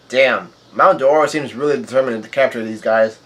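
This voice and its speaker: Brief: male host, mid-pitched, casual and rambling retelling of a comic chapter. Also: fairly bright tone. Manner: rambling, halting, with restarts and laughs. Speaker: video host.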